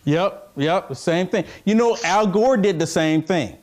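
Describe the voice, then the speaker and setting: A man co-hosting a casual political talk show, animated and preachy as he presses his point. His voice sits fairly high for a man. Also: unhurried. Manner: animated, preachy, drawing the listener in.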